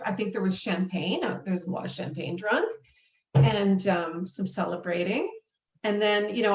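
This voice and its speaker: A middle-aged woman author telling her story casually, rambling and self-deprecating with many restarts. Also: mid-range voice. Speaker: author guest. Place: live event hall. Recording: dull roomy sound from far off.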